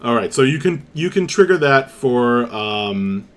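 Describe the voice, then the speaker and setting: A man's voice: mid-range voice, expressive, a little slow, a bit bright, clean tone. A man running a live-streamed tabletop game as game master, narrating vividly with frequent fillers.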